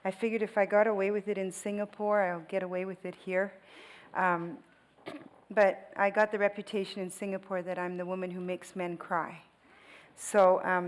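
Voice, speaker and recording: A middle-aged woman, a guest speaker at a church, telling a personal story in a lively way, with laughs and voiced quotes. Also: medium pitch, poor audio.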